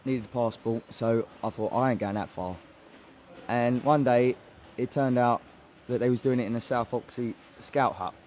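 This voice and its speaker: A man's voice: mid-range voice, moderate pace, darkish tone, a little hiss or hum. Chatty English man telling a story. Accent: English, Hertfordshire. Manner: chatty, swearing, laddish banter, acts out quoted voices. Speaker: guest, MMA fighter. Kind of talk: casual storytelling interview.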